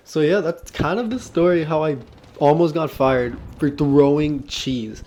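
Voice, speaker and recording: A man's voice: on the high side, slow pace, darkish tone. A young man telling a storytime story on his own vlog in a casual way, swearing freely and breaking into laughter. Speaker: vlogger.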